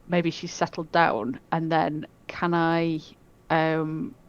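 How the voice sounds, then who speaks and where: A woman playing a tabletop game, talking hesitantly with many pauses. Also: sits low, level tone, clear, resonant tone, dull audio. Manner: hesitant, lots of ums and restarts. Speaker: player. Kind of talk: casual tabletop play.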